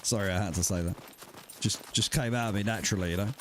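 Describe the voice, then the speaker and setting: A man's voice: on the low side, fast talker, fairly bright tone, a little hiss or hum. A man streaming a survival game live and chatting casually with his viewers in swearing banter. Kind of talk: casual livestream chat.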